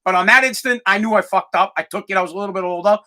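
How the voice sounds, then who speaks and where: A podcast host tells a story in a casual, rambling way, swearing freely. His voice sits high for a man. It has a bright, forceful edge. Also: racing. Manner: profane, animated, rambling.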